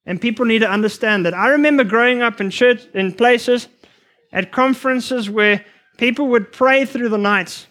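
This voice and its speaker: A man preaching a sermon to future missionaries, earnest and emphatic, sometimes rushing his words. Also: very high voice, a bit bright. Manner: earnest, emphatic, rushes at times.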